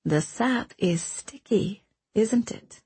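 A gentle woman speaks in a soft, lulling, coaxing voice, as a woman narrator puts her on. Her words come slowly and breathily. It has the hush of a storybook bedtime scene. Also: on the low side, slightly rough, dry recording, heavily acted.

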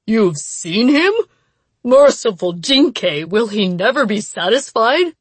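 A woman's voice: mid-range voice, slow, no echo. Woman voicing a terrified old village headman. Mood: pleading. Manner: shaking, pleading, begging.

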